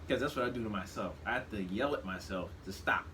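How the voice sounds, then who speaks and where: A man in his thirties talking casually on a podcast. He speaks reflectively, restarts his sentences often and gets animated when he quotes himself. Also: lowish voice, fast, poor audio. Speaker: podcast co-host. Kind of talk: casual conversation. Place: shop. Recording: steady background noise.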